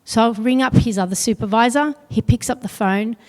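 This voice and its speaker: A middle-aged woman telling a personal story on stage at an awards event, earnest and pausing heavily. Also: on the high side. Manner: earnest, heavy pauses, quotes others in dialogue. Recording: long hall reverb.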